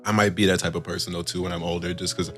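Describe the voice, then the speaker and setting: A man's voice: low voice, level tone, racing, faint music behind. A young man hosting a podcast, chatting in a laid-back way and filling his talk with "like" and "you know what I'm saying". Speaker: podcast host. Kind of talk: casual chat.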